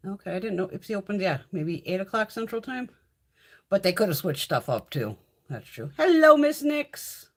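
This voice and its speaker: Low-pitched and animated, this middle-aged woman speaks a little fast as she hosts a casual beauty live chat. She swears freely, chats with her audience, and reads out what viewers write.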